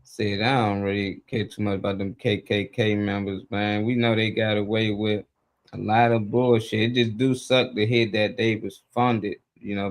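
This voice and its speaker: A man hosting a live morning talk show in casual chat, rambling loosely and laughing between his points. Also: lowish voice.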